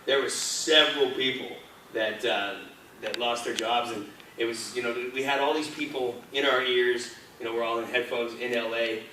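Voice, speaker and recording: A man's voice: mid-range voice, steady tone, moderate pace, far from the mic. Guy telling stories on a con panel, echoey hall, heard from the audience seats, noisy. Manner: chatty anecdotes with laughs. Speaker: voice actor panel guest. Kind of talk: convention panel storytelling. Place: convention hall. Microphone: filmed from audience seating.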